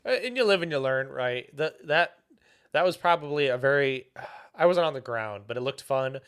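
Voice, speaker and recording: A man's voice: medium pitch, expressive, moderate pace, fairly bright tone, clear, resonant tone. A man hosting a podcast, easygoing, asking questions and backing the guest with frequent "mm-hmm"s. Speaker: podcast host. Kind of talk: casual podcast chat.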